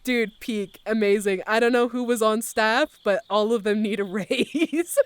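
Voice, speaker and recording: A woman's voice: fairly high pitch, unhurried, clear, resonant tone, dry recording. Laughing, slangy young woman streamer. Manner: laughs often, slangy and animated. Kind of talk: casual chat with live chat.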